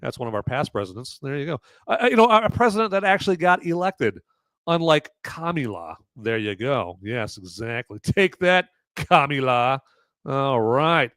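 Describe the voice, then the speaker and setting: A man's voice: medium pitch, big pitch swings, moderate pace, fairly bright tone, dry recording. Brief: middle-aged male host, rambling and mocking, dry close sound. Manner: rambling, sarcastic, filler-heavy. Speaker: podcast host. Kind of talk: casual mocking commentary.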